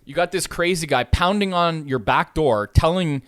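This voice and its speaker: Swearing, animated man telling a story. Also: on the high side, normal speed, smooth, no room sound, clean studio sound. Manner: animated storytelling, swears freely, gets louder when riled. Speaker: podcast host, landlord. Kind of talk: casual podcast chat.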